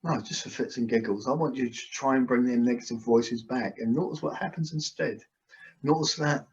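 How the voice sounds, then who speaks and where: A man's voice: mid-range voice, fairly quick. A man working as a hypnotist, leading a guided session with soothing, repetitive suggestions over a video call. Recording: dull lo-fi video call audio.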